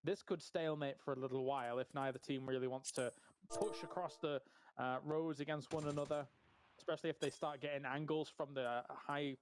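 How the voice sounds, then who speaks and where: A man's voice: a little high, steady tone, a little fast, slight background noise. A man in his thirties doing live play-by-play esports commentary, upbeat and bantering with his co-caster. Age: 30s.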